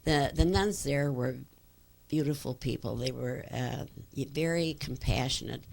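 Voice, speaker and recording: Older woman reminiscing, deep and gravelly. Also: a little slow, a little mellow. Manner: reminiscing, rambling with many fillers and restarts. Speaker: interviewee. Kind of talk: oral history interview.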